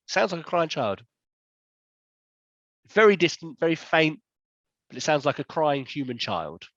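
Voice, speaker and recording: A man's voice: fairly high pitch, lively intonation, moderate pace, long pauses, a bit bright, no room sound, lo-fi sound. A man narrating a tabletop game as game master, often rambling and correcting himself. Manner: rambling, self-correcting description.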